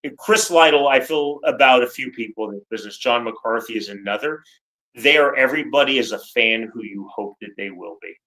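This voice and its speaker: A man's voice: mid-range voice, fairly quick, bright, forceful tone, rough recording. A man who commentates fights, speaking as a guest in a casual interview, emphatic and articulate.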